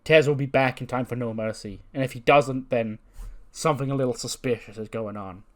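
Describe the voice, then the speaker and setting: A man voicing an officious male wrestling authority figure who makes slow, formal announcements. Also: mid-range voice, steady tone, lightly acted. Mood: official.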